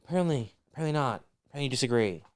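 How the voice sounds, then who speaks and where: A man's voice: medium pitch, lively intonation, racing. A man co-hosting a podcast in casual chat, crude and sarcastic, teasing his co-host.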